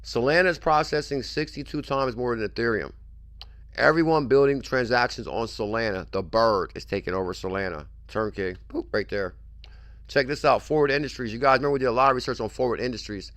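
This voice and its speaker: A man's voice: medium pitch, a little fast, a bit bright, no echo. Pushy hype-talking man on a dry mic. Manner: pushy, repetitive hype, keeps saying "I'm telling you". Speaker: crypto livestream host. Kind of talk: hyped casual livestream talk.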